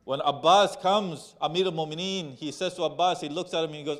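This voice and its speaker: A man's voice: fairly high pitch, a little fast, few pauses, fairly bright tone. A man giving a Muharram sermon. He speaks to the audience as brothers and sisters and retells a sacred story, acting out its quoted lines. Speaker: majlis speaker.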